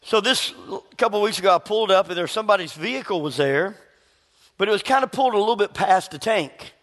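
A man preaching a sermon as a pastor, telling stories with animated delivery and acting out the voices of people he quotes. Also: sits high, quick pace, big-room sound.

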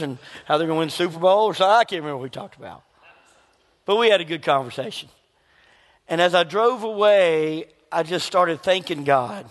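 A man delivers a sermon with a notably high voice, full of animated storytelling where he acts out the people in his anecdotes. His voice rings out with the long reverb of a church hall. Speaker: pastor.

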